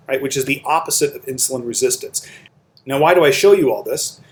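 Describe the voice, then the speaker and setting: A man's voice: mid-range voice, darkish tone. Man lecturing step by step. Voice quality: explains step by step with tag questions like "right?" and "okay?". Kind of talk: recorded lecture over slides.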